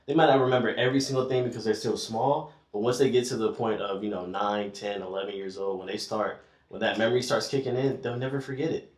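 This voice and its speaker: A man in a casual conversation who talks quickly and agreeably, often affirming the other speaker. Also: on the low side, steady tone. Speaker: podcast conversation participant. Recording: echoey room, mic at a distance.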